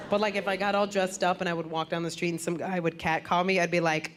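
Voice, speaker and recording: Very fast with few pauses, her mid-range voice drives an animated stand-up routine. This Puerto Rican comedian in her thirties plays the people she quotes in exaggerated voices on a club stage, recorded live with reverb and crowd laughter.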